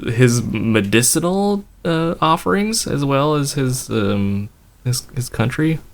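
A man's voice: mid-range voice, lively intonation, takes it slowly, gravelly. A man co-hosting a podcast in casual banter, hesitant and chuckling. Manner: hesitant, many fillers, chuckling. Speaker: podcast co-host.

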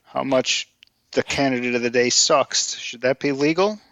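A man's voice: mid-range voice, moderate pace, a bit bright, dry recording. A man co-hosting a political podcast, pressing his point with analogies and rhetorical questions. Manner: insistent, argues through analogies and rhetorical questions. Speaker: podcast co-host. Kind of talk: political debate chat.

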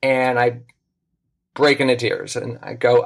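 A creaky, medium-pitched voice belongs to a middle-aged man chatting as a podcast guest at a moderate pace. Animated throughout, he tells a story and voices the people in it.

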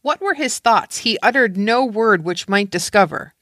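A woman narrating a story in a calm, measured reading style. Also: medium pitch, dry recording, clean studio sound. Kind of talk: literary reading.

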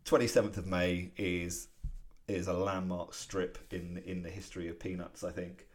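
This is a man with a very low, deep voice, talking in a relaxed podcast chat. He retells comic strips panel by panel, with animated delivery and bursts of laughter. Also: normal speed. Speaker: podcast co-host.

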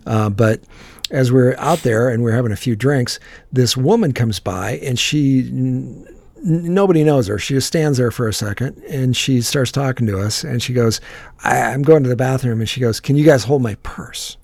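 Gravelly man telling a rambling story. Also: mid-range voice, moderate pace, no echo. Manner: rambling, with many restarts and repeated words; profane and animated when quoting people. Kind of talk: casual storytelling.

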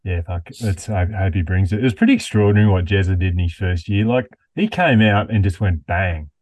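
A man's voice: deep voice, a little fast, a little mellow, dry recording. An Australian man co-hosting a casual sports podcast, laid-back and casually swearing. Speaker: podcast co-host. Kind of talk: casual chat.

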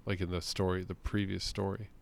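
A young man with a low, gravelly voice, chatting casually about comics. He swears freely, laughs a lot and slips into acted-out quotes. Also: level tone, a little fast. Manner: profane, laughing, acts out quotes. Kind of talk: casual chat.

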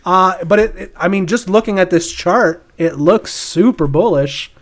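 A man's voice: high-pitched, unhurried. Rambling man co-hosting a crypto podcast. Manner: rambling, laughs often, many fillers and restarts. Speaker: podcast co-host. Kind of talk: casual crypto market chat.

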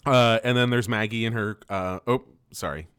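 A man co-hosting a casual podcast, recapping a cartoon episode with frequent laughter and quick silly voices for the characters. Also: lowish voice, fairly bright tone, smooth, dry recording, studio quality. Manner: laughs often, loose and profane, acts out lines in quick silly voices. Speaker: podcast co-host.

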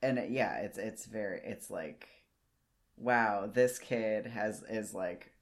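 A podcast co-host in their thirties talks at an unhurried, drawn-out pace in a middle-pitched voice, speaking into their own microphone during a video call. They mull ideas over aloud, stretching words as they think, and turn heated when something bothers them. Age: 30s. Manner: slow and thoughtful, stretches words while thinking, gets riled up. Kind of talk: casual chat.

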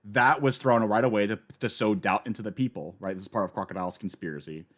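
A man in casual chat, recapping a story with lively enthusiasm and acting out the characters he quotes. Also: on the low side, fast talker. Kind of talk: casual manga discussion.

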